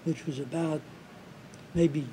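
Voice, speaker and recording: A man in his seventies being interviewed as a war veteran, recounting his memories in a halting way, with restarts and repeated words. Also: on the high side, steady tone, mellow, a little hiss or hum, poor audio. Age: 70s.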